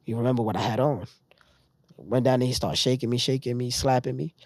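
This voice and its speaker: A man's voice: mid-range voice, fairly quick, no echo. New man, casual storyteller, acts out other people's lines, dry close mic. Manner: animated retelling, acting out others' lines. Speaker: podcast guest.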